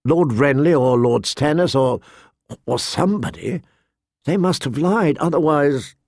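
A man's voice: on the high side, lively intonation, unhurried, a little mellow, no room sound, studio quality. A man doing a pleading naive noble girl.

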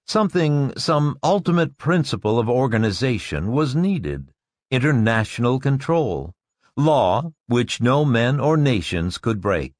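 Man doing a confident school director, lecturing, declamatory, slow, swooping up on key words, dry close sound. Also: medium pitch, no echo.

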